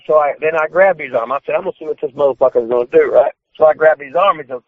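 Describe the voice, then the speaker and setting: A man's voice: on the high side, quick pace, no room sound. A retired wrestler telling his stories on a podcast, swearing constantly and acting out what was said. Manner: swears constantly, acts out his own quotes loudly. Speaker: retired pro wrestler guest. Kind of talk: profane storytelling on a phone-in podcast. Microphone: phone call. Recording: tinny dry phone line.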